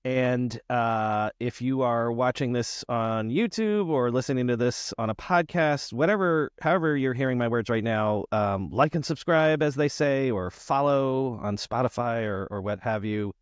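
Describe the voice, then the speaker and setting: A man hosting a podcast in a casual interview, talking in a rambling, halting way with many fillers. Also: medium pitch, clear, resonant tone, dry recording, highs cut off. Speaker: podcast host.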